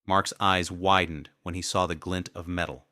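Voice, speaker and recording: A man's voice: deep voice, little pitch movement, normal speed, sharp tone, dry recording, clean studio sound. A man narrating a first-person revenge story in a cold, menacing manner.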